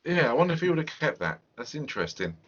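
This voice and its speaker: A man hosting a podcast, chatting casually about a film in a rambling, animated way and swearing freely. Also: fairly high pitch, fast talker. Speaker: podcast host. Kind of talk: casual film review chat. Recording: muffled podcast audio.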